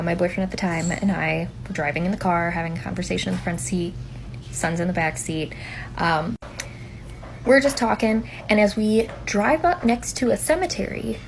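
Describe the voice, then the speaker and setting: A mother recounts an eerie moment in a brisk, matter-of-fact voice. A faint hiss sits under the recording. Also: mid-range voice, a little mellow, low-quality recording. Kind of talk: casual storytelling.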